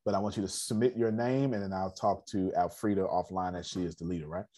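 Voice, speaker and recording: A man with a low, husky voice hosts a business meeting in a loose, motivational way. He repeats his points and keeps asking whether everyone understands. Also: steady tone, fast talker, dark tone. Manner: repetitive, often checks if listeners understand. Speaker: host of an online business meeting. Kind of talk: casual motivational talk to a group.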